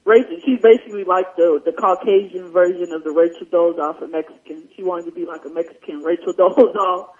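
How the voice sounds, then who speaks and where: A woman's voice: fairly low pitch, steady tone, fairly quick, hardly any pauses, a little mellow. A woman hosting a podcast, telling stories casually with plenty of fillers and swearing. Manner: loose, profane storytelling with frequent fillers. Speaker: podcast host. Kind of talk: casual chat. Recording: dull lo-fi sound.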